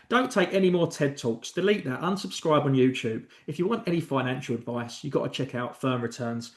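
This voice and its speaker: Male podcast co-host, dry mock-serious riffing, echoey room sound. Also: medium pitch. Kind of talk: comedic podcast banter. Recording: roomy echo.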